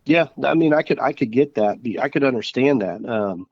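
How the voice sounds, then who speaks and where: A man from Missouri, a guest on an interview podcast, recounting experiences in a halting, earnest way with frequent restarts. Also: medium pitch, expressive, no room sound, highs cut off. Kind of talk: casual interview chat.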